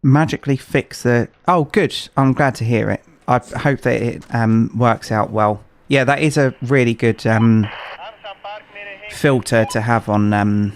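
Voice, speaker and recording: A man's voice: medium pitch, unhurried. Rambling male game streamer. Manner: rambling, hesitant with many fillers, chatting to viewers. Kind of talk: casual live-stream chat while gaming.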